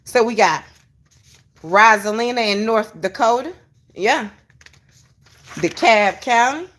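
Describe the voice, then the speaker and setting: High, bright-voiced woman chatting to viewers. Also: animated, slow. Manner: addresses viewers as y'all; breaks into fits of laughter. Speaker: online commentator. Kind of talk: casual livestream commentary.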